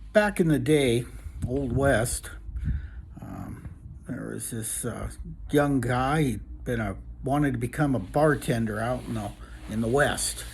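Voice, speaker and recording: A man telling a long joke in a relaxed, casual way, with lots of ums and uhs. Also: medium pitch, vocal fry, slightly rough. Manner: relaxed, filler-heavy storytelling.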